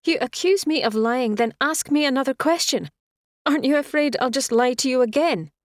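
A woman voicing a proud young woman healer, speaking in a raised, sharp and defiant way. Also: medium pitch, moderate pace, no room sound, clean studio sound, lightly acted. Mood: challenging.

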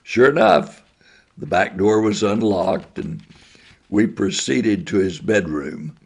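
An older man tells homespun stories from his years as a school principal, in a slow, unhurried drawl. His low voice has a gravelly, husky grain, and he tosses in chuckling asides. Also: lively intonation. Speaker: retired school principal and storyteller. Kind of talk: folksy spoken storytelling.

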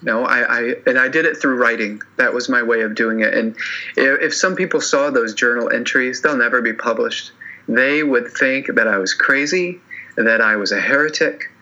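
Male podcast guest, earnest and teary, halting delivery, very bright tone; lo-fi muffled recording. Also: medium pitch. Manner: earnest, halting, many restarts and "you know". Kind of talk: emotional personal interview.

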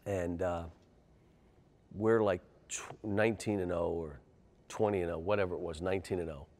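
An older man, a basketball coach, telling animated stories in an interview and getting loud and excitable. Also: sits low, normal speed. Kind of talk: interview storytelling.

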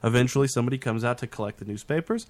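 Rapid-fire and mid-range in pitch, this man recounts a story among friends in relaxed chat. He curses a lot, stays lively, and performs each person's lines as he quotes them.

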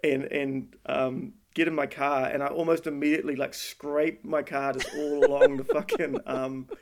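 A man's voice: medium pitch, flat delivery, moderate pace. A man telling a long casual anecdote, rambling, swearing freely and laughing through his own story. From New Zealand. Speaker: storyteller guest.

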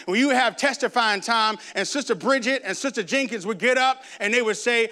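A man preaching a sermon, reading scripture and telling stories with lively acted-out voices. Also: very high-pitched, a little fast, few pauses. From grew up in a Baptist church. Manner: animated storytelling, acts out voices.

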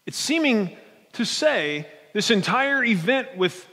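A male pastor with a high voice delivers an animated, conversational sermon, stumbling over and restarting his phrases as he goes. His words ring out with the long reverb of a large hall. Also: slow, husky.

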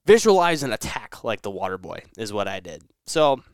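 A man's voice: fairly low pitch, big pitch swings, normal speed, clear, resonant tone, no echo, clean studio sound. A young man hosting a casual solo podcast, rambling and correcting himself as he tells stories. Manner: rambling, self-correcting storyteller. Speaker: podcast host.

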